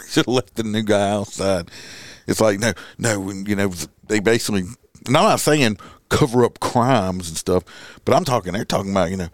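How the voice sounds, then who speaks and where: A middle-aged police officer with a fairly low voice tells work stories in a loose, casual way. He often breaks into laughter mid-sentence. The sound is dry and close. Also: no room sound. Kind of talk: casual storytelling.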